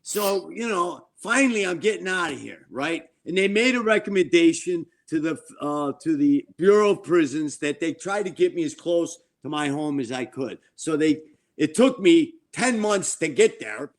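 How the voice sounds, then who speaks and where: A man's voice: fairly high pitch, expressive, moderate pace. Blunt, profane older man in his seventies. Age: 70s. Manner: blunt, profane, quotes people in their voices. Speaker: interview guest. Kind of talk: casual storytelling interview. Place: a home.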